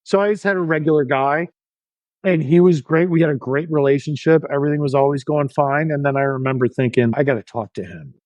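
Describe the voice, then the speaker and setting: A man's voice: a little high, fairly even intonation, a little fast, a little mellow, no echo, poor audio. Candid man recounting his recovery. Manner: frank, self-deprecating, many restarts. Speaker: podcast guest. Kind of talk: candid personal storytelling.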